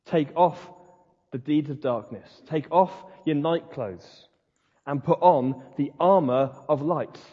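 A man preaching a passionate, emphatic sermon as pastor of his church, with dramatic pauses. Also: a little high, breathy edge. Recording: dull sound in a hall with long reverb.

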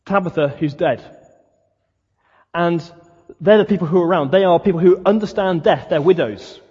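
A man's voice: sits high, warm tone, husky. A man preaching a sermon, talking conversationally and asking the listeners many questions. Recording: dull lo-fi sound, long hall reverb.

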